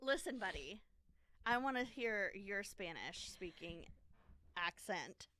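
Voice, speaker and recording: A woman's voice: medium pitch, animated, takes it slowly, pushed and bright, dry recording. A woman co-hosting a podcast, casually telling a true crime story with lots of fillers and self-deprecating asides. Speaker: podcast co-host.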